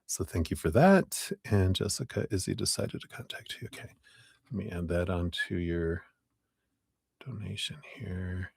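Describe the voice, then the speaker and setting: A man hosting a live tarot stream, greeting viewers by name, laughing often and muttering quiet asides. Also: sits low, normal speed, vocal fry, husky, no room sound. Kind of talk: casual live-stream chat.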